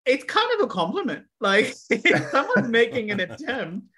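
A man's voice: extremely high pitch, huge pitch swings, moderate pace, crowd noise. A man from Sri Lanka in casual podcast chat, talking playfully and laughing as he goes. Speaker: podcast co-host, comedian.

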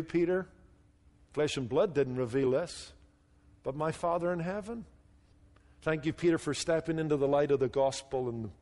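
A man preaching a sermon as pastor, earnest, dropping low and quiet on his key points. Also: in a large hall.

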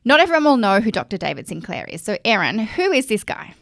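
A woman with an Australian accent, co-hosting a casual chat, chatty and animated with laughing asides. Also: medium pitch, quick pace, creaky, no echo, studio quality. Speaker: podcast co-host. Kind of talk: casual chat about skincare.

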